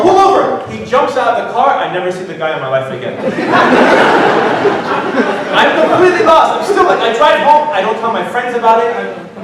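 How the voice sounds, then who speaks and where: A man telling a funny personal story as a guest speaker at a conference, animated and jokey. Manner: animated, jokey, rises high when excited. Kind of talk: humorous personal storytelling talk. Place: conference hall. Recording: very echoey hall, distant mic.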